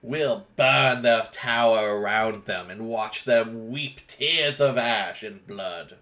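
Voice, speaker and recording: A man voicing a fiery male vampire cult preacher who declaims slowly and rousingly to his flock. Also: fairly low pitch, bright, forceful tone.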